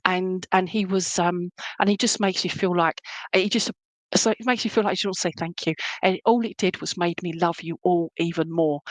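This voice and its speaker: This woman, whose voice is lowish, works as a spiritualist medium giving a reading during an online church service. She relays spirit messages in a homely, colloquial, chatty and reassuring way, often checking in with "okay?" and "all right?", and the recording has no room sound.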